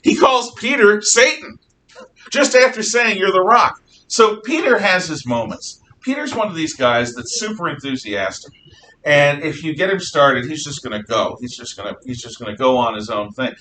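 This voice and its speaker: A man teaching a class, retelling Bible stories in a lively, animated way and acting out the dialogue. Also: normal speed. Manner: animated, acts out dialogue with shifting voices. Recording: distant mic with faint rumble.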